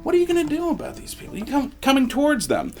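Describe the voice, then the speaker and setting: Guy running a tabletop game, really high voice, stumbles and repeats himself. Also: huge pitch swings, soft background music. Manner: halting, repeats words. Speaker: game master.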